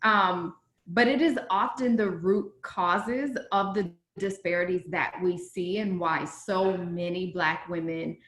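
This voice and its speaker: A woman panelist speaking earnestly and in measured terms during a panel discussion. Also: lowish voice, fairly bright tone. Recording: echoey room.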